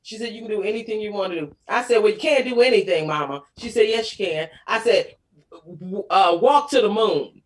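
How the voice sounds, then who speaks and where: A woman in her forties sits in as a guest on a talk show and tells family stories in a relaxed, chatty way. She laughs often and acts out the lines she quotes. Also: medium pitch, fairly quick. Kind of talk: casual chat.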